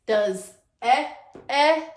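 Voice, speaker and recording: A woman's voice: high-pitched, expressive, extremely slow. A woman teaching a virtual preschool class, sounding out letters in a sing-song, coaxing way and asking the children questions. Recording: echoey room.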